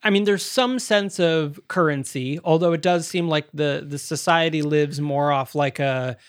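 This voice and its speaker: High-voiced, laughing podcast man. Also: moderate pace, dry recording, clean studio sound. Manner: laughing, exasperated, swears freely. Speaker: podcast co-host. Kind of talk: casual movie review chat.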